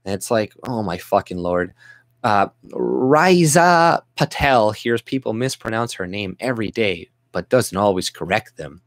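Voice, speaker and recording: A man's voice: lowish voice, animated, a little slow, no echo, studio quality. A man ranting on his video channel in a mocking, profane way, full of rambling restarts. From Canada. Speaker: YouTuber ranting at the camera. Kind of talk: profane sarcastic rant.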